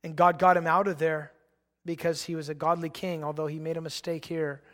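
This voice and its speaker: A man preaching a sermon as pastor, animated and excitable, acting out biblical characters as he reads. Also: a little high, brisk, in a large hall.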